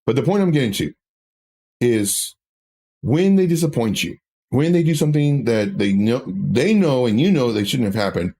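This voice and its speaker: A man's voice: medium pitch, very animated, moderate pace, warm tone. A man hosting a trading livestream, talking in a rambling, casual way with self-mocking asides. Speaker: trading stream host.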